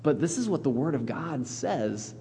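A man's voice: on the high side, sing-song, normal speed, vocal fry, dark tone. Man preaching in an echoing hall. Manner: conversational preaching, acts out voices in quotes. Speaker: pastor. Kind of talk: sermon.

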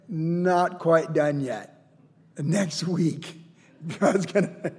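Earnest preacher with a gravelly voice. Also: male voice, fairly high pitch, very slow, pauses often, a little mellow, in a large hall. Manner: earnest, conversational, emotional, with rhetorical questions. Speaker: pastor. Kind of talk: verse-by-verse Bible teaching.

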